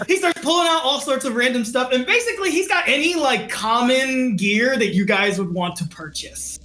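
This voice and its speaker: A woman's voice: high-pitched, moderate pace, few pauses, a bit bright, echoey room, a little hiss or hum. A woman narrating as game master of a tabletop game, describing scenes.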